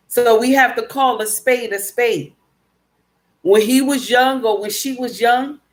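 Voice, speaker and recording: A woman hosting a casual livestream, reading out chat comments and lecturing emphatically, repeating her points and calling listeners baby and my dear. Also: a little high. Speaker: live stream host reading chat.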